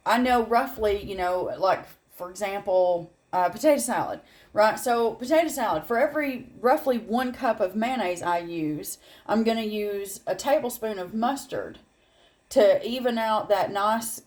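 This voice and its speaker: A middle-aged Southern woman walks through a homemade recipe in an easygoing, rambling way. She drifts into asides and small laughs as she goes. Her voice sits at an ordinary, middle pitch. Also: a little mellow. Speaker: home cooking channel host. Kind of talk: casual cooking demonstration.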